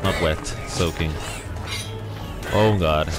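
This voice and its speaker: A man giving casual, excitable let's-play commentary, talking to his viewers with frequent exclamations. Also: extremely low pitch, slow, over music. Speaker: gaming YouTuber.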